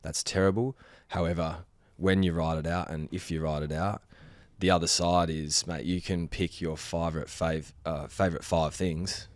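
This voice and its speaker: A man hosting a podcast, talking in a relaxed, matey way and swearing casually. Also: low voice, moderate pace, hardly any pauses, dry recording. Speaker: podcast host. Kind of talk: casual interview chat.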